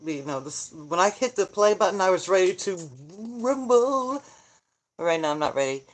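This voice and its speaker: A middle-aged grandmother who vlogs talks briskly in a low-leaning voice during a livestream captured on her phone. She rambles, cracks jokes, and replies to viewer comments as she goes.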